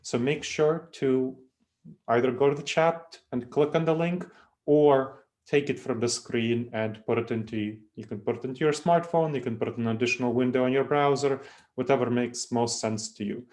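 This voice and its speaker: A man's voice: medium pitch, normal speed. Moldovan-accented man presenting a webinar. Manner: lively, self-deprecating lecturing with frequent restarts. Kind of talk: online presentation. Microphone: video call.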